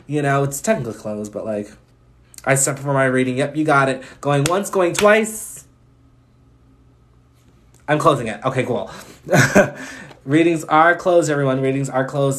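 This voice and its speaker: On a live stream, a man with a fairly high voice gives chatty, casual astrology readings. He laughs often and rattles off chart placements.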